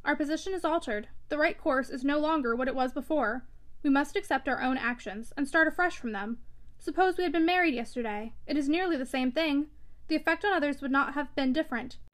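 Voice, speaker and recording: An urgent, insistent young man pressing his case in a classic novel read aloud, given voice by a woman narrator. The voice sits high and presses hard on each plea. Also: fairly quick, close to an everyday voice. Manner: urgent, raised, insistent delivery. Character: impassioned young man, frustrated suitor.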